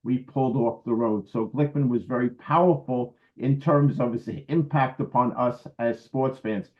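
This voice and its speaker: A man's voice: medium pitch, fairly even intonation, moderate pace, phone-quality sound. A man in his seventies from New York City, giving a lecture over a video call in a wry, anecdotal, conversational way. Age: 70s. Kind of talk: storytelling lecture.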